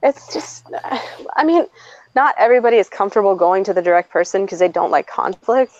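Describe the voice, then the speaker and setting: A woman co-hosting a podcast, telling a story in a casual, animated way with plenty of swearing and acted-out quotes. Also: medium pitch, no room sound, highs cut off. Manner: animated, profane, quick to act out quotes. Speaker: podcast co-host.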